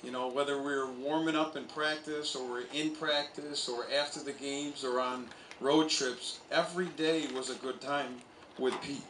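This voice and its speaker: Man, coach, memorial speech, distant and echoey outdoors, bright forceful tone. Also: mid-range voice, steady tone, normal speed, a little hiss or hum. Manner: anecdotal storytelling, with chuckles. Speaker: college soccer coach. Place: outdoor stadium.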